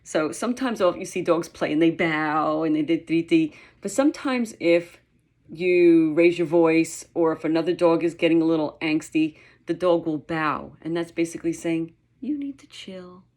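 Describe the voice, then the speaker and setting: A woman's voice: low-pitched, moderate pace, darkish tone. A woman dog trainer giving a casual, chatty lesson, with many fillers and the occasional playful dog sound. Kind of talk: casual instructional talk.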